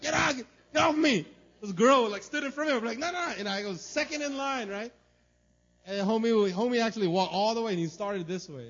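A man preaching a sermon in a church, telling a personal story in an animated way and often asking "right?". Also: a little high. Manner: animated, tells stories, repeats "right?". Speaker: pastor. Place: church service. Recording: dull lo-fi recording.

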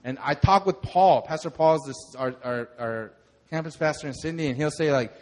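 A young man, a pastor, telling a lively sermon testimony and acting out the moments in his story. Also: on the high side, moderate pace. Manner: animated storytelling, acts out shouts.

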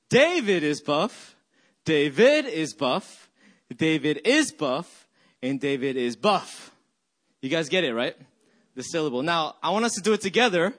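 A man preaching a sermon, leading his congregation in a group exercise and then praying softly. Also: a little high. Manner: leads the congregation in call-and-response, then prays softly. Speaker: pastor. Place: church hall.

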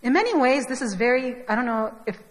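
A young woman preaching a conversational sermon, telling the story in an animated, chatty way with asides to the congregation. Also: a little high, quick pace. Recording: long hall reverb.

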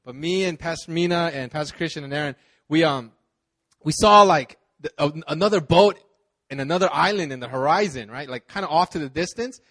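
A man preaching a relaxed, chatty sermon, telling a vacation story with laughs, fillers and restarts. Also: fairly high pitch, fairly quick. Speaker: pastor. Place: church service.

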